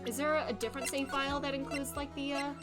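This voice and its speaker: Chatty woman streamer, high voice. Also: flat delivery, fast talker. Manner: chatty, thinking aloud, emotional asides. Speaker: game streamer. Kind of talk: casual gameplay commentary. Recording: stream with game music behind.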